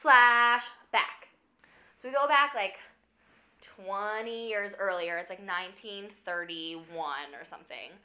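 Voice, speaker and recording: Brief: drunk young woman, bright ringing voice, loose rambling comic recap, heavy on "like". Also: medium pitch, slow pace, highs cut off. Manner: rambling, fills every phrase with "like". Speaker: film recapper.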